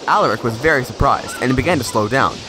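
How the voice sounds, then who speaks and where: Expressive male storybook narrator. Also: mid-range voice, quick pace, over music.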